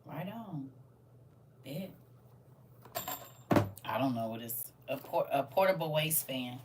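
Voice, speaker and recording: At home indoors, a woman with a bass voice hosts a livestream, chatting in a laid-back, expressive, playful way and throwing out drawn-out teasing calls. The mic is distant and there's background noise.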